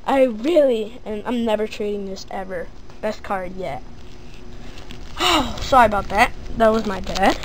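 Woman for an unboxing vlog: unhurried, a touch high, thinks aloud, bursts into excited squeals. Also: a little hiss or hum. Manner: gushing, excitable, breaks into squeals; lists items slowly, thinking aloud. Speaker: card opening vlogger. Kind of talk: casual unboxing narration.

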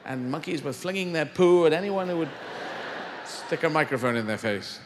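Animated rambling male stand-up comic. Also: on the high side, normal speed, background noise. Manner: rambling, surreal, animated, sweary. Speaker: stand-up comedian. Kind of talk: live stand-up comedy. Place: large arena stage. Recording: roomy arena with audience laughter.

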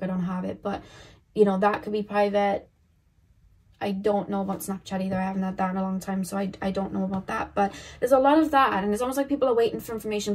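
A young woman talks through a tarot reading in a loose, rambling stream, piling up questions and often restarting her sentences. Her voice sits at a middle pitch for a woman, and she keeps a casual, conversational delivery throughout. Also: darkish tone. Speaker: tarot reader.

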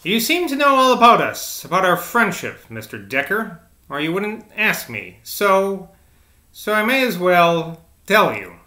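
Guy putting on a shy flustered young lady, higher voice, lively, echoey room. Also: unhurried, full character voice.

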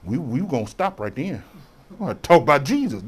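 A man's voice: a little high, sing-song, a little fast, slightly rough. A man preaching a sermon as a bishop, colloquial and preacherly, calling out to his congregation for responses.

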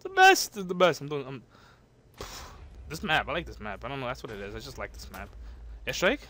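A gaming channel host doing let's-play commentary, hyper and excitable, jumping between sudden yelps and low mutters and trash-talking opponents. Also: a little fast.

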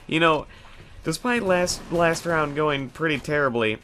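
A man's voice: on the high side, pushed and bright, a little hiss or hum. A young man casually commenting on his own gameplay, cursing, joking and mocking himself, with bursts of mock panic. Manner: jokey, profane, self-mocking, quick bursts of panic. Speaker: gaming video host. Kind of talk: casual let's play commentary.

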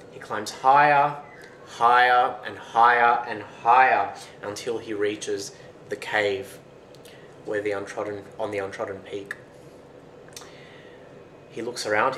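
A man's voice: lowish voice, sharp tone. A man retelling a folktale in a casual, conversational way, in a roomy recording with faint noise. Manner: casual, conversational narration with fillers. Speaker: storyteller.

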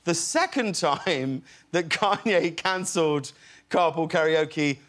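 High-voiced British man, animated storyteller. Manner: animated, halting storyteller who acts out quotes. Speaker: guest. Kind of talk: talk show chat.

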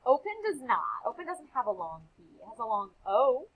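A young woman teacher with a slightly husky, breathy voice that rises and falls a lot as she talks. She speaks slowly, calls on children by name and repeats their answers back to them. Her pitch sits a little high. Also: very animated, poor audio. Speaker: elementary school teacher. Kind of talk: classroom phonics lesson.

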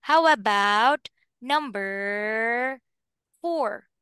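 Woman English teacher for a small child, patient and cheery; slow, bright and crisp, dry sound. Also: a little high, expressive, no room sound. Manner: patient, encouraging, spells letters slowly, laughs often. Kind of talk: phonics lesson with a young child.

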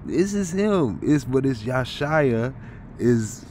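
A man giving an informal scripture study talk, thinking aloud with halting restarts and sudden bursts of excited realization. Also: medium pitch, a little hiss or hum. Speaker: Bible teacher.

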